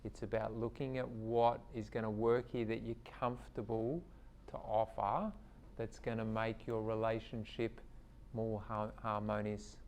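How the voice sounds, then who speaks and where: A man leading a mediation demonstration, calm and steering with reflective questions. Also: fairly low pitch, measured pace, slight background noise.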